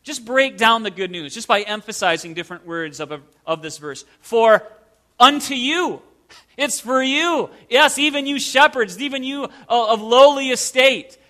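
A man's voice: very high voice, lively intonation, moderate pace, few pauses, bright, forceful tone. A man preaching a sermon as pastor, stressing single words and asking the listeners rhetorical questions.

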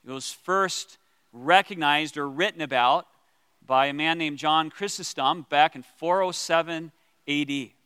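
A man teaching as a pastor about prayer, earnest and gentle, with pauses and restarts. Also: a little high, clear, resonant tone, no room sound, in a large hall.

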